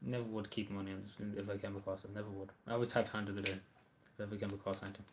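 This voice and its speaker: A man's voice: on the low side, little pitch movement, quick pace, noisy background. An Irish man chatting casually on a livestream, answering viewers' messages in a rambling, hesitant way with lots of ums and restarts.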